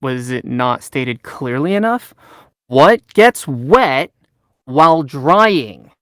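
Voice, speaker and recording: A woman's voice: rumbling low, very animated, moderate pace, no room sound, studio quality, exaggerated voice. A woman playing a creepy grown man who coaxes and stammers on a voice call, heard distant. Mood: wheedling. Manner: leering, wheedling, stammering.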